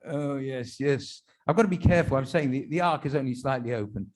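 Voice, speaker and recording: Here a rabbi with a medium-pitched, slightly mellow voice entertains his congregation with one joke after another. Between punchlines he slips in chatty, self-deprecating comments, stand-up fashion.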